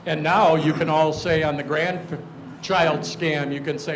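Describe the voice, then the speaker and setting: A man's voice: on the high side, steady tone, measured pace, background noise. A man moderating a community seminar panel, chatting and turning questions to the panelists. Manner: conversational, turns questions to panelists. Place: church hall.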